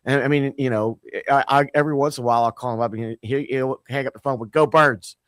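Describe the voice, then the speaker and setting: A man in a mid-pitched voice rambles through a story on a podcast, circling back with fillers and casual swearing. The sound is dry and close-miked. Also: steady tone, quick pace, dry recording. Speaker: podcast co-host.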